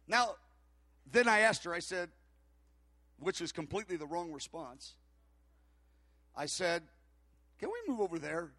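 Bright, high-voiced man preaching. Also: moderate pace, pauses often, no room sound. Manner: storytelling, acts out dialogue, animated. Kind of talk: sermon with anecdote.

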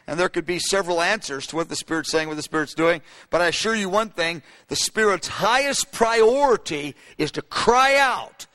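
A man's voice: high voice, animated, moderate pace, hardly any pauses, bright, forceful tone. A man preaching a sermon from his notes, speaking emphatically and rising into fervent, repeated cries. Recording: long hall reverb.

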